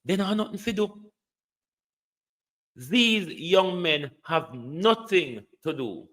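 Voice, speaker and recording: Bright-voiced Jamaican man scolding. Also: high voice, very animated, slow pace. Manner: scolding, mocking, drops into patois. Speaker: political commentator. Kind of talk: livestream political rant.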